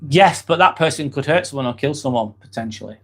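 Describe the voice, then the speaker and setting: This livestream host from Northwest England has an East Lancashire accent and a medium-pitched, slightly bright voice. He talks fast and animatedly, reading viewer comments in a laid-back, chummy way, calling everyone mate and swearing freely.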